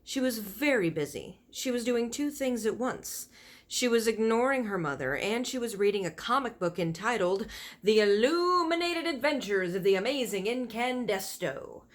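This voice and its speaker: A woman's voice: on the high side, animated, moderate pace. A woman reading a children's novel aloud, stopping for chatty asides that explain the pictures and fonts. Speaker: reader of a children's book.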